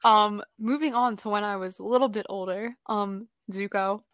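A woman's voice: mid-range voice, steady tone, normal speed, fairly bright tone. A young woman chatting casually on a voice call, giggly and full of "like". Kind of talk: casual chat. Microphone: voice chat call.

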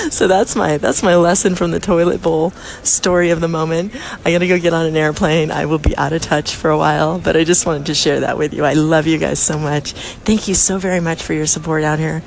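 A woman's voice: low-pitched, normal speed, gravelly, a little hiss or hum. Chatty woman host telling a story. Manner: animated, laughs often while telling. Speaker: podcast host. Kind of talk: casual storytelling monologue. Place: busy airport.

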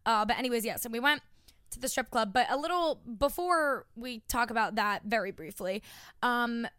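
Bright, clear-voiced young woman chatting. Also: on the high side, moderate pace, dry recording, studio quality. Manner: chatty storyteller, filler-heavy. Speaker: podcast co-host. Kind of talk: casual chat.

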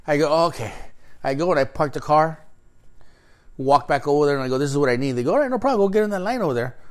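A man's voice: a little high, fast talker. A man casually telling a long story in a chat, swearing freely and acting out both sides of quoted exchanges. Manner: profane, animated, acts out quoted exchanges.

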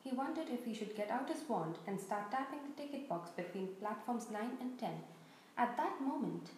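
A woman reading a storybook aloud with expressive, steady narration. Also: fairly high pitch, normal speed. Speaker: reader. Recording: very echoey room, faint noise.

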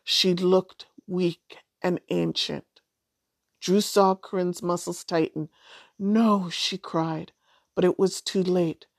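Slow, measured woman storybook narrator. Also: on the low side, creaky, dry recording, studio quality. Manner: measured, even reading. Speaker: audiobook narrator.

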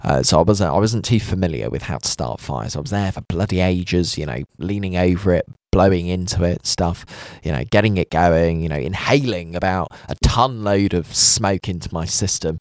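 A man's voice: low voice, moderate pace, a little mellow, no echo. A young man hosting a radio show, rambling through self-mocking anecdotes in a chatty studio style.

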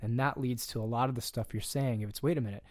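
A man's voice: mid-range voice, steady tone, fast talker, no echo, clean studio sound. A man speaking as a coach in a casual podcast conversation, earnest and direct, plain-spoken with the odd curse word.

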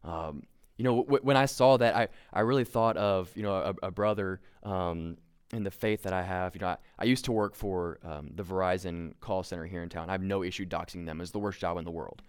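Smooth-voiced man preaching casually. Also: deep voice, fairly quick. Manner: conversational, many fillers and restarts, self-deprecating humor. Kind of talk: casual sermon.

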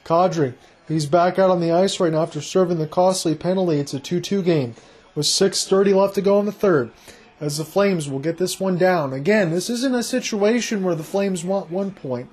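A man doing solo play-by-play hockey commentary for an online broadcast, a rapid running call that jumps up on big plays. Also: sits high, darkish tone.

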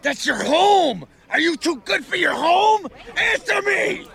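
Hot-headed golfer, shrill gravelly screams, slow and bright, crowd faintly behind. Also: male voice, sing-song, exaggerated voice. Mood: furious. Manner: yelling curses, high strained cries. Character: hot-tempered adult male golfer screaming at a golf ball.

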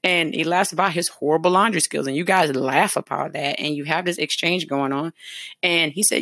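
A woman's voice: low-pitched, moderate pace, fairly bright tone, no echo, studio quality. A woman hosting a talk show, chatting casually about dating and acting out sample conversations. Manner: chatty, acts out sample dialogue. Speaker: host giving dating advice.

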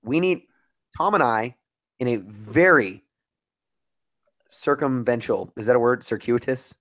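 A man's voice: mid-range voice, measured pace, fairly bright tone. A young man co-hosting a podcast in casual chat, teasing and mock-serious. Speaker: podcast co-host.

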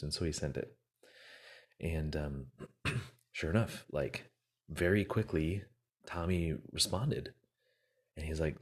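A man's voice: rumbling low, slow pace, long pauses. A man giving an earnest, motivational casual talk, rambling with fillers and repeated words.

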